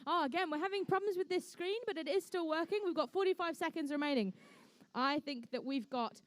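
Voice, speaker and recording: Kiwi lady calling a robot comp, high voice, joking around, dry close sound. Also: fairly quick, no room sound. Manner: playful, jokey, chatty with teams. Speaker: event emcee and commentator. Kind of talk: live competition commentary. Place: indoor conference venue.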